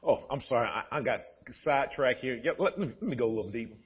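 Man, pastor, sermon, husky voice, dull lo-fi recording, storytelling that breaks into shouts. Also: medium pitch, expressive, fast. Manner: swings from easy storytelling to shouted, laughing preaching. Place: church sanctuary.

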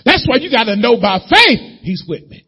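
A man preaching a sermon as pastor of a church, swelling into shouts as he acts out prayers to God. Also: very high voice, very animated, moderate pace, breathy edge.

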